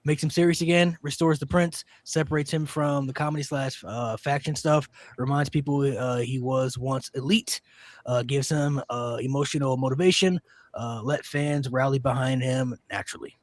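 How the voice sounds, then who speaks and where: A man hosting a casual podcast, reading a list aloud with lots of "uh" fillers and excited outbursts. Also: medium pitch, normal speed, no echo. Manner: excitable, filler-heavy, many "uh"s. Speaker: podcast host.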